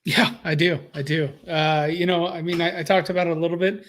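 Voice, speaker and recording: A man co-hosting a golf live stream, talking in a halting way and repeating himself. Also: a little high, steady tone, a bit bright, slight background noise. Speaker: golf podcast co-host. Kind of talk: casual live-stream chat.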